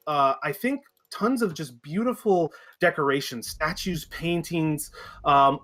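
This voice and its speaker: A man's voice: a little high, a bit bright. A man narrating as game master, describing scenes with frequent fillers and self-corrections.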